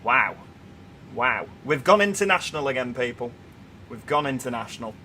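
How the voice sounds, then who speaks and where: A young Yorkshire man hosting a relaxed livestream, chatting through viewer comments as they come in. His voice is bright and forward, at a middle pitch. A faint hum sits under the recording. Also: moderate pace. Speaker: livestream host. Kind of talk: casual livestream chat.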